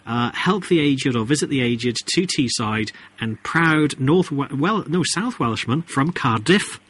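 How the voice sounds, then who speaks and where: An Englishman of mid pitch who hosts a radio programme. He banters jovially with his guests and moves on to the morning's headlines. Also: animated, measured pace, a bit bright, slight background noise. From England. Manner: jovial, teasing. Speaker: radio host. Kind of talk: radio show banter and news review.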